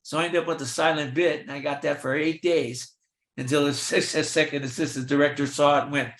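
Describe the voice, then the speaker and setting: An older man, a guest in an interview, telling lively anecdotes and acting out the voices of the people in them. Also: fairly high pitch, a little fast, reverberant. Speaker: film extra and actor, guest. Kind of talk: storytelling in an interview.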